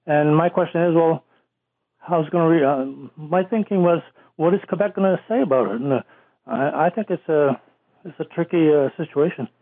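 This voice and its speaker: Caller guy, lots of uhs, kinda high voice, thin dry phone audio. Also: normal speed, no echo, narrow, tinny audio. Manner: hesitant, many "uh" fillers. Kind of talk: radio call-in question.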